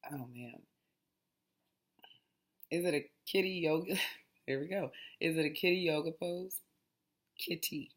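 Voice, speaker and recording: A woman hosting a casual mindfulness talk, reading aloud in a chatty, digressive way and often restarting her lines. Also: sits low. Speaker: host.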